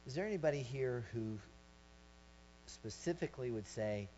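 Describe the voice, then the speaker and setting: A man preaching a sermon, telling a personal story and rising to loud shouts as he acts it out. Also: medium pitch, a little fast. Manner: storytelling, swelling to shouts when acting out his story. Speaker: pastor. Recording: dull lo-fi recording with mains hum.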